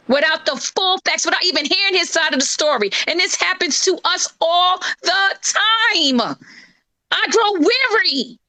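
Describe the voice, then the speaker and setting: A woman speaks in a strikingly high, bright voice, driving her points home with fervent, lecturing intensity. She talks as a live-stream co-host, and her voice sounds close and dry. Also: no echo. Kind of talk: impassioned live-stream talk.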